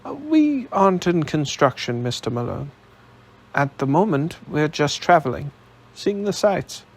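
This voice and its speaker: A man's voice: on the high side, sing-song, a little slow, pitched above the performer's own voice, heavily acted. A man voicing a careful young male aristocrat in an audiobook reading, polite but guarded in how he speaks. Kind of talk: audiobook character voice.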